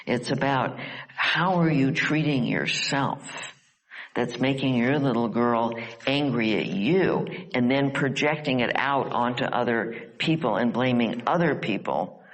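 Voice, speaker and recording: A man leading a live workshop, coaching a participant with calm, direct, probing questions. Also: medium pitch, unhurried, low-quality recording. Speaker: workshop facilitator.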